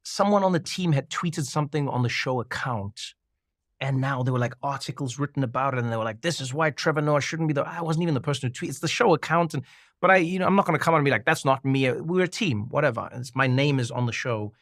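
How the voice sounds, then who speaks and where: A man telling a personal story as a guest in an interview, lively and quick to laugh, often repeating and restarting himself as he gets excited. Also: medium pitch, no echo, studio quality.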